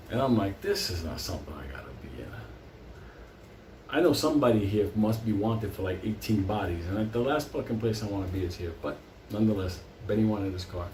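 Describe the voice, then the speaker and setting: A man's voice: medium pitch, a little mellow, a little hiss or hum. A man telling a long comic story from his life, rambling and swearing constantly. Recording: roomy, distant mic.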